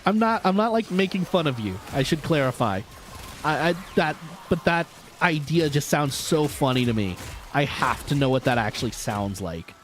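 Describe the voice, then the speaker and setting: While gaming live, an American man who streams as a vtuber keeps up loose, jokey banter with his audience, animated throughout. His pitch is fairly high and his pace moderate, with a little background noise behind him.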